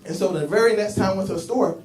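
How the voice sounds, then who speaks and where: Male stand-up comic, high voice, animated storyteller, roomy echo, distant mic. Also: very fast, a crowd in the background. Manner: animated storytelling, voicing characters in his bits. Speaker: stand-up comedian. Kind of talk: stand-up comedy set. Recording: echoey room, mic heard from a distance. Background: audience laughter.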